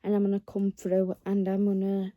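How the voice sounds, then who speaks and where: A woman's voice: medium pitch, completely flat delivery, moderate pace, no room sound, phone-quality sound. A woman vlogging to camera in a casual, rambling way, earnest and encouraging toward her viewers.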